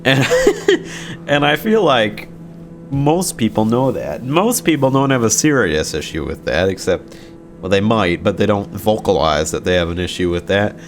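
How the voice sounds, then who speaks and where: A man's voice: lowish voice, big pitch swings, measured pace, slight background noise. A young man casually telling a story from his school days, sarcastic, swearing freely and laughing often.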